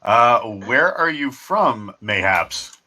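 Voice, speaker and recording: A man's voice: medium pitch, big pitch swings, slow pace, bright, forceful tone. A man playing in a tabletop game, joking and teasing in casual banter. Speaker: player.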